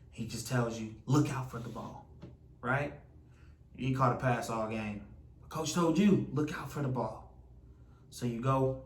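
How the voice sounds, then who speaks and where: Male preacher, animated storytelling sermon, roomy echo, off-mic. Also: medium pitch, far from the mic. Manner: animated storytelling with sports imagery. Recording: echoey room, voice from off mic.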